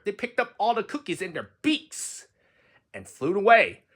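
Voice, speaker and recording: A man narrates a children's storybook aloud, his reading expressive and lilting. His voice sits high, with a bright, sharp tone and lively ups and downs. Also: normal speed. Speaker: storybook reader.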